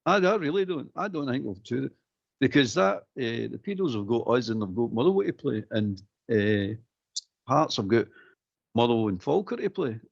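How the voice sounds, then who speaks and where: A Scottish man with a gravelly, husky voice that rises and falls a lot as he talks football on a phone-in. He keeps repeating himself and tacks "mate" onto his sentences. The audio is dull and lo-fi. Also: medium pitch, normal speed. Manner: animated, repeats himself, says "mate" often. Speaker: caller.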